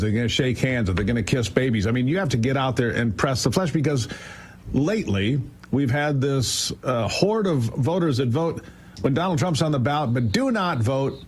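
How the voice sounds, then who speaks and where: A man giving emphatic political commentary as a guest on a morning news show, firing off incredulous rhetorical questions. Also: mid-range voice.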